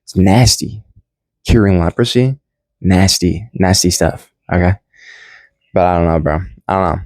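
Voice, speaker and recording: Low-voiced young man, slangy Bible talk. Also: measured pace, darkish tone, dry recording. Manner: slangy, rambling, lots of restarts. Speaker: Bible study vlogger. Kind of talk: casual Bible commentary.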